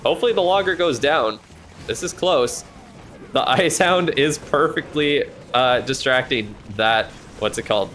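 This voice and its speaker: A man calling a match live in loose, chatty play-by-play. His voice sits at an ordinary middle pitch, and he jumps on every turn with quick, excited reactions and a casual swear now and then. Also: slight background noise. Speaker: streamer commentating a match.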